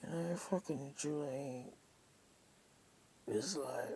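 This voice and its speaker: A woman's voice: rumbling low, slow, crowd noise, poor audio. An Australian woman telling a personal story in a casual monologue, rambling, swearing freely and emotionally raw.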